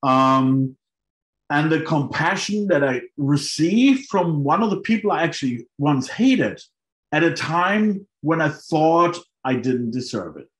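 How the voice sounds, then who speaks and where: A middle-aged man telling his own story to an audience in an animated way, acting out his past thoughts. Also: a little high, slow pace. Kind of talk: personal storytelling talk to an audience. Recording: roomy hall sound.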